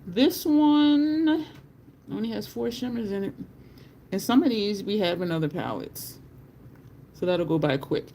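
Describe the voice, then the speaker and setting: A chatty beauty live-streamer talks casually to viewers while swatching makeup and laughs often. The voice has a rough, gravelly edge, and a faint hiss sits under the recording. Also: mid-range voice, expressive, measured pace, pauses often, dark tone.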